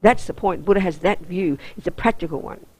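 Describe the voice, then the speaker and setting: A woman's voice: fairly low pitch, fairly quick, a little mellow, husky, rough recording. An Australian woman, a Buddhist nun, teaching a weekend course in an intense, emphatic, down-to-earth way.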